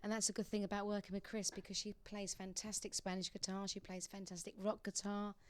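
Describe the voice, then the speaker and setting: A woman's voice: mid-range voice, little pitch movement, brisk, no room sound. A young woman from England, a singer guest in a radio studio, chatting casually and laughing often.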